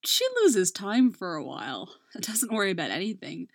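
A woman narrating a romance story in a soft voice that drops into whispers. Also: mid-range voice, very animated, normal speed, no room sound, studio quality.

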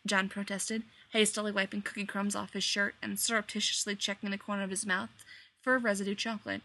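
A woman reading fiction aloud in an expressive, animated storytelling manner. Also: mid-range voice, fairly quick. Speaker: reader.

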